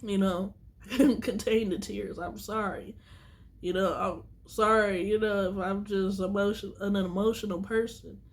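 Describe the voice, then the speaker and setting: A woman vlogger speaks to her viewers in an everyday, mid-pitched voice, close to tears. She is earnest and emotional and circles back on her words to stress them. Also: fairly even intonation, unhurried. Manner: earnest, emotional, repeats herself for emphasis. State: teary. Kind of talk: casual vlog monologue.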